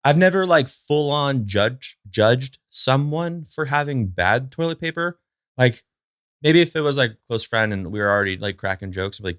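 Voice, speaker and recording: Recording to a camera from a chair in his home, a man hosts his own podcast in a casual solo chat, rambling with many fillers and remarks aimed at his dog. His mid-range voice is expressive, moderately paced, fairly bright and clean. The audio has no echo and a clean studio sound.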